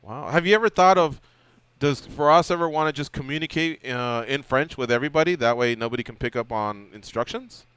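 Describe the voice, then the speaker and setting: A man's voice: mid-range voice, a little fast, a bit bright, smooth, no room sound. A male radio host chatting casually about fighting, joking and teasing his guest. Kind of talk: casual sports radio chat.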